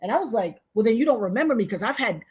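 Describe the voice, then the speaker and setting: Woman, interview guest, blunt and emphatic, high voice, swooping all over. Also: animated, racing, darkish tone, slightly rough. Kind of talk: animated storytelling interview.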